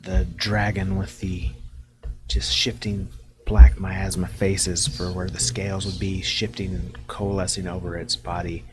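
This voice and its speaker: A man with a very low voice runs a tabletop game as game master. He narrates in a slow, measured way. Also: little pitch movement, music in the background.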